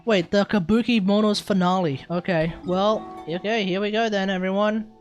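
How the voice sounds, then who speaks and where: An Australian woman streaming a game live, chatting excitedly and talking to her viewers. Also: mid-range voice, normal speed, lo-fi sound, soft background music. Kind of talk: live gameplay commentary.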